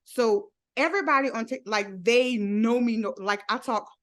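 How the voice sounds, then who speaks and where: A woman's voice: a little high, normal speed, a bit bright. A woman guest in a podcast interview, speaking openly and laughing often as she tells her own story. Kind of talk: candid interview.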